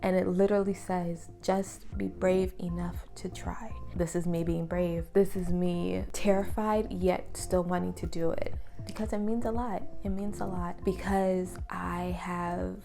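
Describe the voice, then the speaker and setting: A young woman speaks to the camera in a personal vlog, earnest, open and reflective, sometimes dropping to a whisper. Her voice is lowish with a dark tone.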